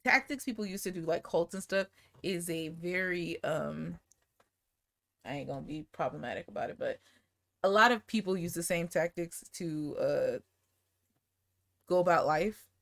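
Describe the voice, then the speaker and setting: A woman co-hosts a laid-back podcast chat. She talks bluntly, swears freely and tosses in quick jokes. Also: lowish voice, vocal fry, a bit bright, no room sound. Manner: blunt, profane, jokey with quick asides. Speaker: podcast co-host. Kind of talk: casual chat.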